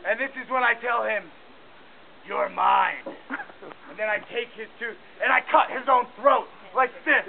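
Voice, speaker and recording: A man telling a mock-heroic tall tale for a contest, in a deadpan, boastful way. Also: extremely high pitch, fairly quick, vocal fry, few pauses. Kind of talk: mock-heroic storytelling performance. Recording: tinny lo-fi camcorder audio with hiss.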